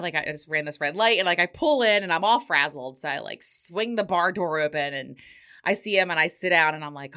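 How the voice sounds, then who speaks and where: A woman's voice: on the low side, animated, fairly quick, bright, forceful tone. A middle-aged woman hosting a podcast, telling a story casually and swearing freely, with frequent laughter. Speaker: podcast host.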